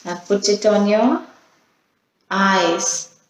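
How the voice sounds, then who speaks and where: Slow gentle woman teacher, echoey room. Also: mid-range voice. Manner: slow, gentle, coaxing, asks children questions. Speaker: children's teacher. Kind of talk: storytime and calming exercise for young children.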